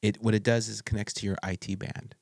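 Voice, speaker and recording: A man hosts a casual podcast interview, chatty and excitable, full of restarts and slang. His voice sits on the low side. The recording is dry and close, with no room sound. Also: quick pace, creaky, dry recording. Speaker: podcast host.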